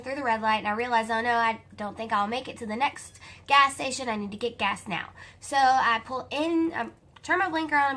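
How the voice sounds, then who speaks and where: A young woman with a Southern US accent telling a personal story to camera in a chatty, animated way, often calling out to her viewers. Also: on the high side. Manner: animated, chatty, addresses viewers as you guys.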